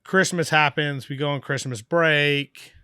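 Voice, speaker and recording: A man's voice: fairly high pitch, unhurried, clean tone, no echo, studio quality. A man telling a long story in casual podcast talk, acting out the voices of people he quotes and swearing casually. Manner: animated, acts out quoted dialogue, swears casually. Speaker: podcast guest, brewery owner.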